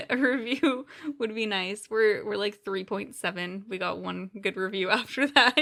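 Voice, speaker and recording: Brief: young female co-host, bright tone, easygoing, giggles through her chatter. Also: medium pitch, measured pace, gravelly. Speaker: podcast co-host. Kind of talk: casual chat.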